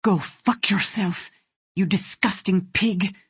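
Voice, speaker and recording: An audiobook narrator voicing a defiant young captive girl who speaks softly and tenderly to her brother and with loathing to her captor. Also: mid-range voice, steady tone, unhurried, husky, no room sound, voice pushed up. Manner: soft and tender, then venomous.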